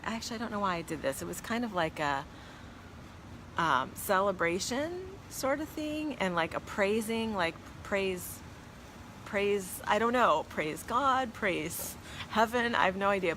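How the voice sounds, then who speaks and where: A woman's voice: medium pitch, lively intonation, normal speed, a bit bright, slight background noise. A woman hosting a spiritual live stream, telling a personal story to viewers in an earnest, reverent, awed way and reading out their comments.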